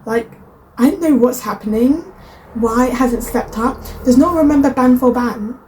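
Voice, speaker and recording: Chatty young woman, mellow. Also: fairly high pitch, moderate pace, slight background noise, low-quality recording. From Britain. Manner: chatty, rambling asides. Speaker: reaction video host. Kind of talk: casual reaction commentary.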